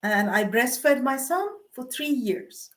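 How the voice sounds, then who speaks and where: A middle-aged woman with a high, light voice rambles through personal memories to her camera. She wanders between thoughts, mocks herself and fills the gaps with "um" and "you know". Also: animated, slow. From Canada. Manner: meandering, self-mocking, with frequent fillers and laughs. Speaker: vlogger.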